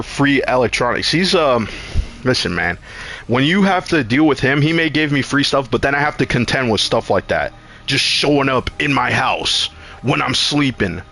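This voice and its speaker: A man's voice: medium pitch, fairly bright tone. A young man streaming, telling a rambling, profane story in casual chat and acting out his own lines.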